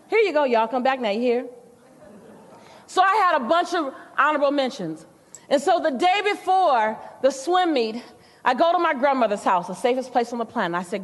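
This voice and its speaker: A woman giving an animated, humorous motivational keynote and speaking straight to the audience in a large hall. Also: high-pitched, fairly quick. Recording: long reverb of a large hall.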